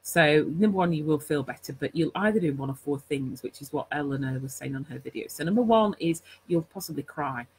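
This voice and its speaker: A woman's voice: low voice, expressive, brisk, hardly any pauses, darkish tone, slight background noise, poor audio. A woman hosting a live stream, chatty and rambling, full of fillers and self-corrections as she teaches. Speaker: host.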